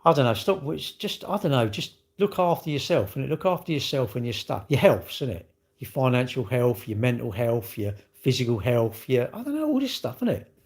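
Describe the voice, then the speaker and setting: Man, British accent, middle-aged, casual livestream chat, rambling, blunt, slangy, lively intonation. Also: medium pitch, a little fast, slightly rough.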